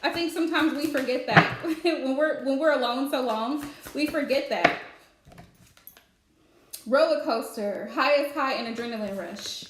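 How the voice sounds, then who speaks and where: A woman's voice: high-pitched, unhurried, a bit bright, reverberant, a little hiss or hum. A woman giving a live-streamed spiritual reading, chatty and advice-giving with lots of fillers. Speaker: psychic card reader.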